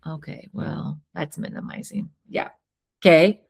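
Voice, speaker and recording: A woman's voice: low-pitched, moderate pace, vocal fry. A middle-aged woman co-hosting a couples talk show, chatting casually and acting out quoted lines with frequent laughter. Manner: animated, acts out quoted lines, laughs often. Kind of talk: casual conversation walking through a worksheet.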